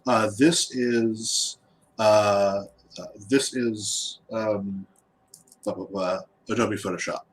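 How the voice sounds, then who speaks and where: A man, an artist and guest, chatting casually while he draws, halting and repeating words as he goes. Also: lowish voice, steady tone. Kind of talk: casual chat while drawing.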